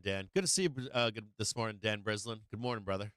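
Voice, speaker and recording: A man's voice: on the low side, a little fast, a bit bright, clean tone, no room sound. A middle-aged man hosting a live stream from home, chatting in a rambling, casual way and greeting viewers by name. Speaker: live-stream market show host.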